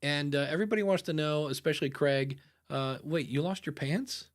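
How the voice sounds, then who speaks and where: A man from the United States chatting loosely as a podcast co-host, his voice sitting a little high. He talks in an animated, jokey way, wandering through his thoughts with plenty of fillers. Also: a little fast. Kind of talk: casual chat.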